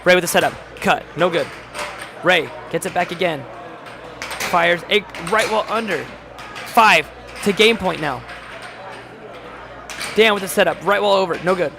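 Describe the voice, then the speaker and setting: High gravelly guy calling air hockey plays on a stream, quick jokey chat reading, noisy background. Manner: rapid play-calling, reads chat aloud, jokey. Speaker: play-by-play commentator. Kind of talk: live-stream sports commentary. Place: home studio.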